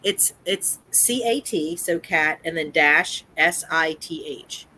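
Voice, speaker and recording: Bright-voiced host reading aloud. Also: medium pitch, slow, a little hiss or hum, poor audio. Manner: reads from an article with frequent restarts. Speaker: host of a cat advocacy live stream. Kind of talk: live chat and reading folklore aloud.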